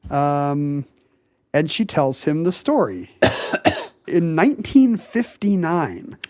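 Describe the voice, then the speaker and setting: Podcast guy telling a story, kinda high voice, lots of uh and you know, dry close sound. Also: huge pitch swings, slow, a little mellow, no echo. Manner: chatty storyteller, frequent fillers and restarts. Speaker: podcast co-host. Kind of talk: casual chat, telling a story.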